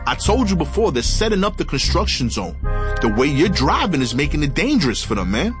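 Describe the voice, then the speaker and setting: A man voicing a brusque, exasperated male highway cop who talks in casual slang. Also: big pitch swings, a little fast, music in the background.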